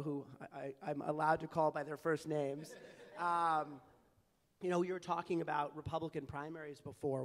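A young man from California speaking as a panelist at a public forum, earnest and anecdotal, with many fillers and restarts. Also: on the high side. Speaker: panelist, advocacy group founder. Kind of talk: panel discussion. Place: large hall at a public forum. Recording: long hall reverb.

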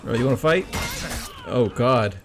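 A man giving casual commentary on his own gameplay, swearing often and breaking into excited yelps and groans. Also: medium pitch, moderate pace, over music.

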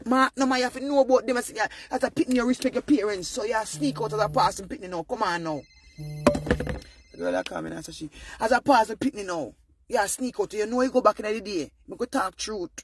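A young Jamaican man with a bright, high-set voice talks to his viewers in a loose monologue. He leans hard on his points and keeps pushing up toward a near-shout. The sound is close and dry. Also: breathy edge, no room sound. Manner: emphatic, often rising to near-shouting. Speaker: vlogger.

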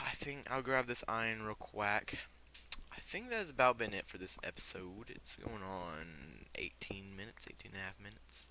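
A man's voice: on the low side, moderate pace, bright, forceful tone. A young man giving casual, filler-heavy gameplay commentary, given to startled outbursts. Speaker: let's play gamer.

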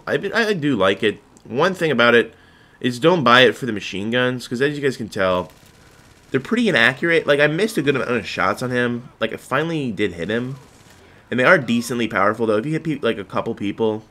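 Young man, bright tense voice, casual gameplay commentary, rambling and jokey. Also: mid-range voice, big pitch swings, brisk. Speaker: gaming video host.

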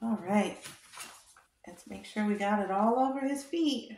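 A young woman hosting a toddler show, talking in a slow, exaggerated sing-song way to teach small children. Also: medium pitch, creaky, a little mellow. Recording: roomy echo.

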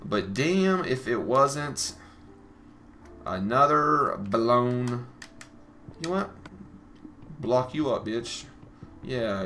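A man's voice: medium pitch, pushed and bright, slight background noise. A man giving casual let's-play commentary, frustrated and swearing, talking straight to his viewers. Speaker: gaming channel host.

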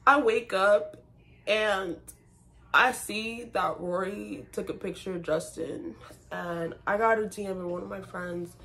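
A young woman chatting casually to her viewers in a vlog, talking to them directly and breaking into excited bursts. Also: medium pitch, measured pace, vocal fry. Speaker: vlogger.

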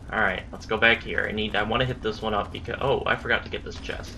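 A man's voice: lowish voice, bright, forceful tone, a little hiss or hum. A young man giving casual commentary on his own gameplay, frustrated, swearing and muttering at the enemy.

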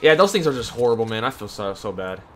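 A young man giving excited, slangy live commentary over his own video game play, talking straight to his viewers with loud outbursts. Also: on the low side, fast, slight background noise. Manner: slangy casual talk to viewers. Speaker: gaming YouTuber. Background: background music.

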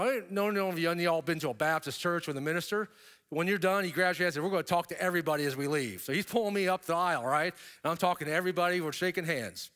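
A man's voice: on the high side, a bit bright. A middle-aged man giving a storytelling keynote speech, acting out the voices of people in his stories. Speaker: keynote speaker.

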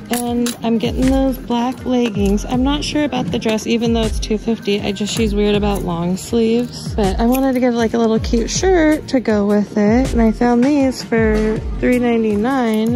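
High-voiced chatty woman thrift vlogging. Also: rough recording. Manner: chatty and upbeat, laughs often. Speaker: thrift vlogger and channel host. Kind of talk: casual thrift-haul vlog chat. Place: thrift store, then a barn.

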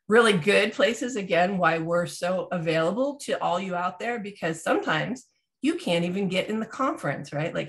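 A woman in her thirties, a health podcast co-host, chatting casually and acting out the people in her story with shifts in voice. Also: medium pitch. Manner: animated storyteller acting out quotes.

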